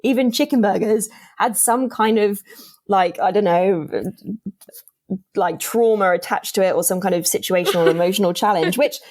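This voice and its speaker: A young woman tells a dating story in a loose, chatty way, full of fillers. She is mid-pitched and acts out each quote as she goes. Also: moderate pace, a little mellow. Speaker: podcast guest. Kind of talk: casual chat.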